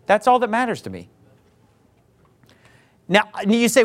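A man's voice: high voice, wildly swooping pitch, a little slow, pauses often. A male pastor delivering an emphatic sermon, preaching hard and mocking his critics in mock voices. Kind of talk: fiery sermon.

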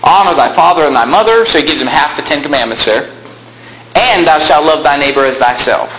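A man's voice: fairly high pitch, lively intonation, brisk, fairly bright tone. A man preaching a sermon, telling stories and rising to emphatic peaks. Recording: echoey room with faint noise.

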